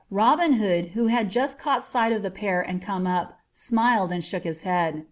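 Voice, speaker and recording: A woman narrating a storybook in a gentle, measured way. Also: mid-range voice. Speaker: audiobook narrator.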